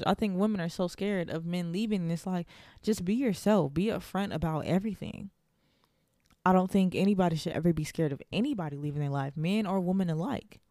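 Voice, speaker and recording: Young woman host, warm earnest encouragement, dry close mic. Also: fairly low pitch, dry recording. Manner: earnest, encouraging, faith-filled. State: out of breath. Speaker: podcast host. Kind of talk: solo podcast monologue.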